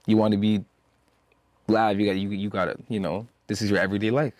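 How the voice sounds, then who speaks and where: A man's voice: fairly low pitch, little pitch movement, fast, darkish tone, dry recording. A man in his twenties from Zambia, a musician guest in a casual interview, talking emphatically with lots of repetition and "you know". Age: 20s. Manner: emphatic, repeats himself, many "you know"s.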